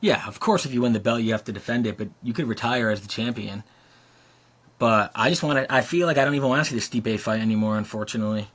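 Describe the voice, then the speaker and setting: A man's voice: medium pitch, fast, fairly bright tone. A young man co-hosting a podcast in casual chat, laid-back and saying "dude" often. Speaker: podcast co-host.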